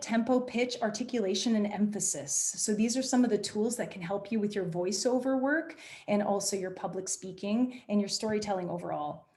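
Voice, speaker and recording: A woman leading an online workshop on presentation skills, speaking in an energetic, demonstrative way over a video call. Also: medium pitch. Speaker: presentation coach.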